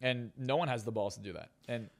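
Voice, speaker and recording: A man's voice: medium pitch, brisk, creaky. A man who is a hypnotist and success coach, telling stories in a podcast interview with a boastful, self-assured manner.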